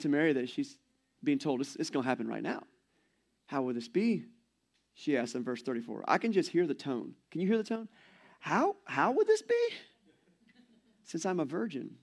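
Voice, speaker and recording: A man in his forties gives a sermon in a slightly higher voice than most men. His tone is chatty and playful, and he often slips into little acted-out voices. It sounds like a pastor talking easily to his congregation. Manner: conversational, playful, acts out quotes.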